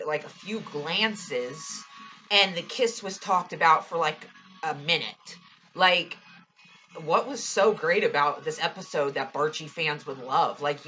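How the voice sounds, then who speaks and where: A woman's voice: low-pitched, bright, forceful tone, dull audio, a little hiss or hum. A young woman casually reviewing a TV episode, gushing and ranting with lots of "like" and swearing.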